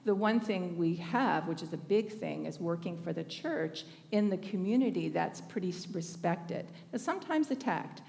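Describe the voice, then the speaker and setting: A woman's voice: fairly low pitch, expressive, moderate pace, creaky, few pauses, darkish tone, in a large hall. A woman from Northern California giving a storytelling sermon at a thanksgiving service, conversational and often laughing. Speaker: speaker at a spiritual thanksgiving service.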